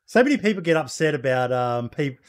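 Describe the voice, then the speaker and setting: A man's voice: fairly high pitch, animated, fairly quick. A man with an Australian accent co-hosting a casual chat show, laid-back and sweary, rambling with fillers. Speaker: podcast co-host.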